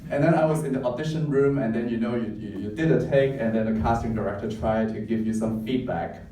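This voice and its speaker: A man's voice: medium pitch, fast, warm tone. A man from Hong Kong, Cantonese his first language, with a Hong Kong accent, telling a wry, self-mocking story live on stage. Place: club stage before an audience. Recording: echoey stage sound from a distance.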